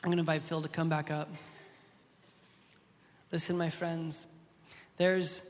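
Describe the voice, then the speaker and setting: A male pastor in his thirties delivers an impassioned sermon in a high voice. He swings from loud, soaring lines to soft, close ones and tells stories casually. The sound rings with the long reverb of a large hall. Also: flat delivery, a little slow, long pauses. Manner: impassioned preaching, rises loud then drops soft. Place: church hall.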